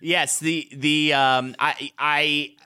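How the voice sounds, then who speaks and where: A man's voice: a little high, level tone, extremely slow, sharp tone, clear, resonant tone. A man co-hosting a podcast, a comedian who tells jokey stories and acts out voices. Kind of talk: casual chat.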